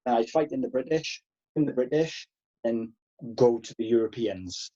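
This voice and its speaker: A man in his thirties, a karate instructor guest, telling animated stories and swearing freely. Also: medium pitch, normal speed, muffled recording. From Wales. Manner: animated, swears freely, acts out past exchanges. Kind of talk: casual podcast storytelling.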